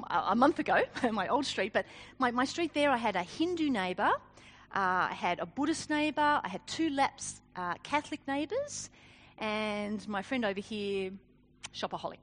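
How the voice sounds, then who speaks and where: A woman giving a sermon, telling a personal story in an animated, self-deprecating way with frequent laughs. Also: mid-range voice, normal speed. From Australia. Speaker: speaker.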